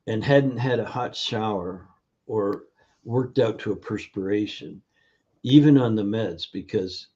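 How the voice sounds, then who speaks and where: In dull lo-fi sound, a man with a fairly low, mellow, husky voice guests on a casual video interview as a functional nutrition educator. His stories come out haltingly, filled with fillers, as he acts out the people he quotes.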